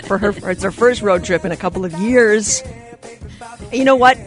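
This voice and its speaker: A woman hosting a radio talk show in a studio, telling stories with lively quoted voices and frequent laughter. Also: medium pitch, normal speed, faint music behind. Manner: animated storyteller, acts out quoted voices; laughs often mid-sentence. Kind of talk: casual radio chat.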